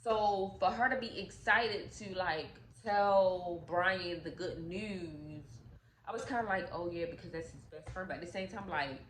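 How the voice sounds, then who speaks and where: A woman casually retelling a movie's plot to her viewers, talking in AAVE with animated, profane asides. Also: lowish voice, unhurried, reverberant, a little hiss or hum, low-quality recording. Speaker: YouTube storyteller.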